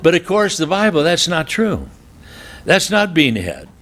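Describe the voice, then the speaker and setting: A man preaching a sermon at a marriage retreat, telling humorous stories and leaping into high, animated voices for the people he quotes. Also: measured pace. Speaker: pastor. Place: church retreat hall.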